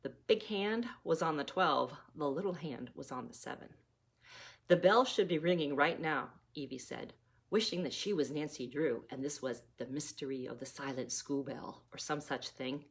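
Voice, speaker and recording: A woman reading her own novella aloud, gently, like a mother reading a story to her children. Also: a bass voice, normal speed, breathy edge.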